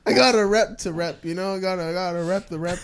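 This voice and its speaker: Woman doing a swaggering bro shouting his name. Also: on the low side, fast, heavy background noise, close to an everyday voice. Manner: drawling slang, "yo, man" at every turn. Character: cocky young male party bro who shouts his own name. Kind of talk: improvised comedy sketch.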